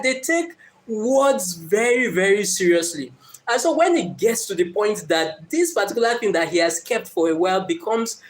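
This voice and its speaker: A man preaching an evening sermon, telling a story with acted-out quotes and emphatic repetition. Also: high voice.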